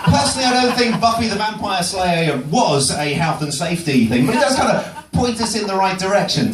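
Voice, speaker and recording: A man's voice: high voice, very animated, brisk, few pauses. A man doing a topical stand-up set in a pub, dry and self-deprecating, often chuckling at himself. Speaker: stand-up comedian. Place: pub comedy venue. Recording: roomy distant pub mic with noise.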